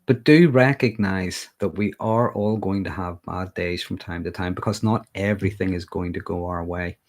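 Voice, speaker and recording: A man's voice: low-pitched, normal speed, darkish tone. A man from Northern Ireland with a Northern Irish accent, talking casually on a livestream and often checking in with "okay?". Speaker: mental health livestreamer.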